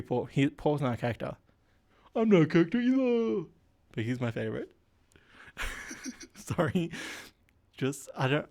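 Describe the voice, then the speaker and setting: A man's voice: medium pitch, darkish tone, dry recording. A man hosting a solo comedy podcast, rambling and self-deprecating with lots of fillers and a stuffy nose. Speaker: podcast host.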